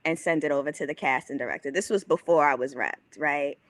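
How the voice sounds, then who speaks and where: A woman guest on a podcast, telling a personal story in a casual, animated way and acting out the dialogue, with some swearing. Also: sits low, brisk, no room sound. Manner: animated, acts out quoted dialogue, swears freely.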